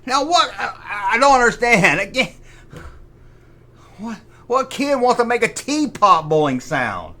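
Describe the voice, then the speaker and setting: Lively, bright-voiced man joking about toys. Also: extremely high pitch, unhurried. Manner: jokey, sarcastic asides, mimics sound effects. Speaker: toy collector host. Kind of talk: comic toy review.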